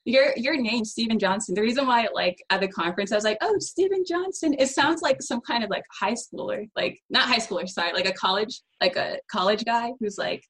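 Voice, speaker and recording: A woman's voice: mid-range voice, fairly quick, few pauses, fairly bright tone, slightly rough, rough recording. A woman applicant chatting casually in an interview, with many fillers and an upbeat manner. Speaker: trading challenge applicant.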